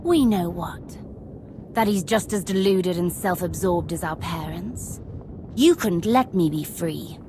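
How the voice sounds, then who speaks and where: An actress playing a bitter, vengeful young empress in a video game, scornful and cutting. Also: female voice, on the low side, a little slow, background noise, lightly acted.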